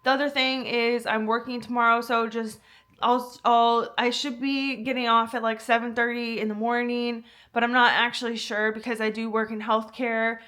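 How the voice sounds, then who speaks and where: A woman's voice: on the high side, level tone, moderate pace, a bit bright, natural voice. A woman imitating a chatty male buyer who works in healthcare, with a put-on New Jersey type accent, rambling and overexplaining. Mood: rambling eager.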